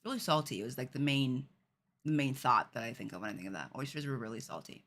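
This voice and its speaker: Bright-voiced chatty streamer woman. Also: a bass voice, quick pace. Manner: animated, laughing, chatty with fillers. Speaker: game streamer. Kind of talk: casual storytelling to stream chat.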